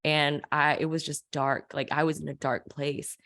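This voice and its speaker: Woman, low voice, earnest emotional storytelling, interview guest. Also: level tone, moderate pace, fairly bright tone. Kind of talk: personal faith testimony.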